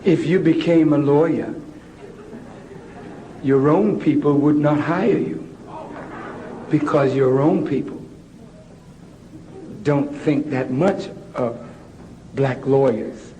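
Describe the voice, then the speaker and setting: A man voicing a condescending, patronizing schoolteacher in a slow, mock-gentle tone. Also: a little high, a little hiss or hum, voice pushed down. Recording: long hall reverb with crowd.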